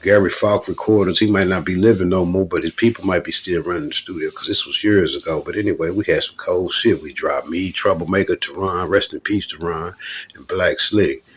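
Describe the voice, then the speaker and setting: Husky deep-voiced storyteller man. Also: brisk. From Louisville, Kentucky. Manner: loose, rambling, profane, keeps calling the listener "man". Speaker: rapper telling his stories. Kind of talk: casual profane storytelling monologue.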